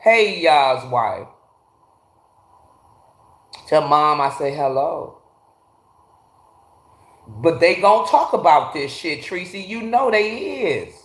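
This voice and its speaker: A livestream host talks into his phone from an echoey garage, swearing plenty, ranting bluntly and greeting chat viewers by name in a casual stream. His voice is a little high and a bit bright, with lively intonation, an unhurried pace and frequent pauses.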